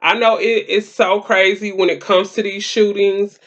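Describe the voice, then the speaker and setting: A woman's voice: medium pitch, fairly even intonation, normal speed, highs cut off. A woman hosting her own live talk stream, chatting casually to viewers in a rambling way with many fillers. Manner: rambling, filler-heavy, talks straight to viewers.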